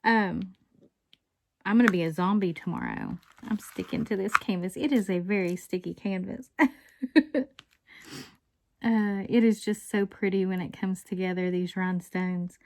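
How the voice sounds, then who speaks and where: A woman's voice: lowish voice, lively intonation, a little slow, vocal fry, slight background noise. A woman casually rambling through a story as she works on a craft at home, breaking into chuckles now and then. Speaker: diamond painting vlogger. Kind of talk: casual chat while crafting.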